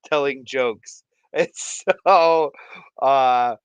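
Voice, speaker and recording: Man, 30s, goofy livestream host; unhurried delivery, dry close sound. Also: mid-range voice, clean tone, dry recording. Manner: goofy and excitable, laughs often, greets viewers by name. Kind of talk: casual livestream chat.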